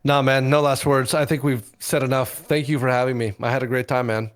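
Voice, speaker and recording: A man's voice: medium pitch, level tone, brisk, clean tone. A man guesting on a casual podcast, blunt and sarcastic, swearing freely.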